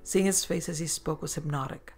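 A woman host narrating a first-person horror story in a measured, dramatic way. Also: deep voice, slightly rough, faint music behind.

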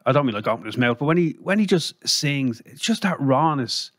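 An Irish man recounting anecdotes in a casual podcast chat, his voice sitting at an ordinary middle pitch. He rambles from one story to the next, lifting into animated quoted voices along the way. The recording is close and dry. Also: brisk, no echo. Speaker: guest.

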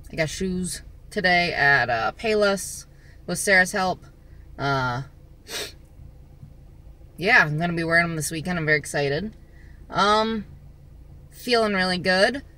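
A woman chatting casually in a vlog, rambling along with lots of filler pauses, filming herself on a phone outdoors. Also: fairly low pitch, lively intonation, sharp tone. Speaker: vlogger. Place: outdoors in the sun.

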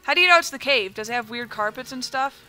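A high-pitched woman with a very bright, sharp tone, hosting a co-op game session. She jokes and plays up her own misfortunes, with game music running behind her. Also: animated, fast. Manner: playful, self-mocking and dramatic. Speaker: gaming channel host. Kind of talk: casual gaming commentary.

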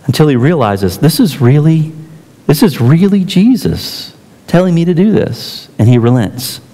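A man preaching a sermon as pastor, telling stories and acting out quotes with emphatic pauses. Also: fairly high pitch, expressive, warm tone. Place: church sanctuary. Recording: church hall reverb.

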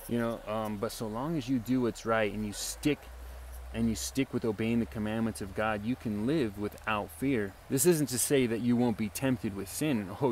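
A man's voice: fairly low pitch, darkish tone, a little hiss or hum. A man giving an informal sermon to camera, earnest and rambling, full of fillers and restarts, often asking "right?". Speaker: self-styled preacher.

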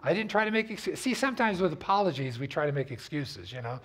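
A man's voice: on the high side, very animated, fast talker, few pauses, fairly bright tone, slightly rough. A man preaching a sermon as pastor, telling stories in a conversational way and asking the congregation to repeat after him. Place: church sanctuary.

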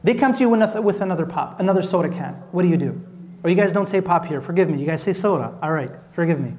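A man's voice: high voice, animated, fast talker, a little mellow. A man from Minnesota giving a conversational Islamic lecture, firing rhetorical questions at the audience and joking with them. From Minnesota, USA.

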